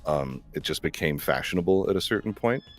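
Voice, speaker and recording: A man's voice: deep voice, lively intonation, brisk, soft background music. A man chatting casually on a stream, giving rambling explanations full of fillers. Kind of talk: casual chat.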